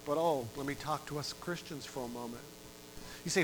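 A middle-aged man preaching a sermon, telling a story with dramatic rises in volume and sudden drops to a hush. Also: normal speed, a little hiss or hum, poor audio. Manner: dramatic, swells loud for emphasis and drops low. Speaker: pastor.

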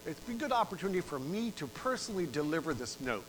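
A middle-aged man preaching a sermon, telling a story with dramatic rises in volume and sudden drops to a hush. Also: big pitch swings, quick pace, background noise. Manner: dramatic, swells loud for emphasis and drops low. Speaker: pastor.

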